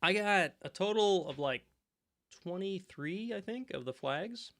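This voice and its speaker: A man's voice: high-pitched, lively intonation, unhurried, fairly bright tone. A man co-hosting a podcast in casual chat, telling stories and laughing often. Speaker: podcast co-host.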